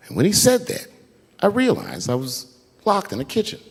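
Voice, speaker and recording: A man doing stand-up comedy, telling a story in an animated, profane way. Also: high voice, normal speed, gravelly, slightly rough, big-room sound.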